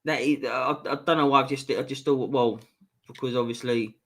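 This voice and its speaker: A man from East London with a Cockney accent rambles casually on a fan livestream, reading out the chat. His medium-pitched voice is a bit bright, steady in tone and at normal speed, and he's chatty, restarts often, and swears casually.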